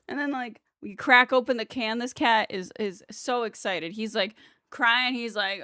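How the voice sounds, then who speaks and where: A woman's voice: animated, normal speed, sharp tone, no echo, studio quality. A young woman livestreaming a video game, chatting casually and rambling with lots of fillers, laughs and playful voices for her cats. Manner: talks to her pets in playful squeaky voices. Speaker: streamer playing a video game. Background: game music.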